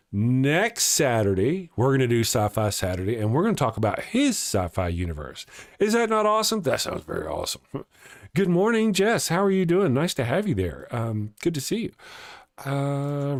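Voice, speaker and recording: A man's voice: medium pitch, very animated, normal speed. Chatty joking man hosting a livestream. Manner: chatty and joking, laughs often, restarts words. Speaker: host of a live morning show. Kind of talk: casual livestream chat reading viewer comments.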